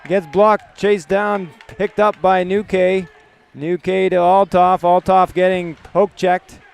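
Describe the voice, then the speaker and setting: Play-by-play hockey caller, male, from Canada, smooth tone. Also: high voice, flat delivery, faint music behind. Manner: rapid clipped puck-by-puck calls. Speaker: play-by-play commentator.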